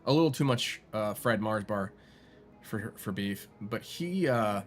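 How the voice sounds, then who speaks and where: A man's voice: fairly low pitch, expressive, unhurried. A man streaming a golf video game, rambling and joking as he thinks aloud with lots of fillers. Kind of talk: casual gameplay commentary. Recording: music playing behind. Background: game music.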